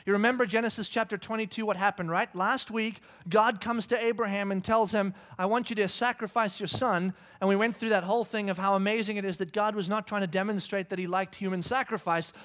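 A man in his thirties preaching a sermon, telling a funny story about his kids and acting out their shouting. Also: high-pitched. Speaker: pastor. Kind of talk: sermon with humorous family story.

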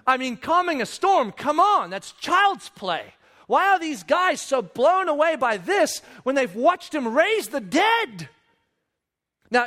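Man, pastor, high voice, sermon, animated storytelling, conversational. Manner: animated storytelling, acts out disciples and Jesus with sudden loud and hushed voices; conversational, keeps checking with "right?".

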